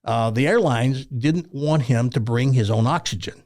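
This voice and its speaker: With a mid-range voice at a moderate pace, this older Tennessean who used to host talk radio tells folksy stories as an interview guest. His Southern accent comes through in a lively, homespun storytelling style.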